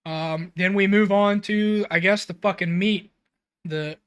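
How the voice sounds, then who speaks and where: A man's voice: high-pitched, steady tone, a little slow, a bit bright, smooth, dry recording. A man co-hosting a casual film review podcast, recapping scenes in a blunt, rambling way and swearing freely. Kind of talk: casual chat.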